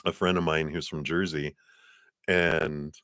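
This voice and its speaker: Low-voiced, chatty man reading tarot. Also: unhurried, dry recording, studio quality. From lives in Colorado. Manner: chatty, laughs often, animated storytelling. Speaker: tarot card reader. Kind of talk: live-streamed tarot reading.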